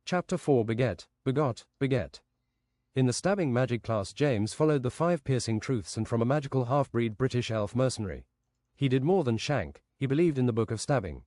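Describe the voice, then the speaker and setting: A man's voice: medium pitch, expressive, a little fast, darkish tone, dry recording, clean studio sound. A man streaming a game while improvising a rambling, absurd fantasy story.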